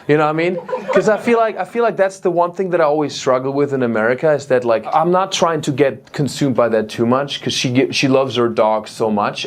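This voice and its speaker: A man's voice: medium pitch, a little hiss or hum. A German man doing stand-up crowd work, playful and teasing, laughing often. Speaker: stand-up comedian. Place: comedy club stage. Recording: loud crowd laughter behind.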